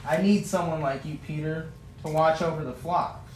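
A man preaching who voices a calm, gently insistent savior figure giving a charge, with the sound of a roomy hall. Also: fairly high pitch, normal speed, recorded from a distance, a little hiss or hum, natural voice. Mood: gentle.

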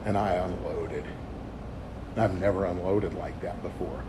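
A man's voice: deep voice, measured pace, long pauses. A man in his forties giving a candid, rambling testimony sermon to young people, often stopping to restart his sentences. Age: 40s. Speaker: youth speaker. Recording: steady background noise.

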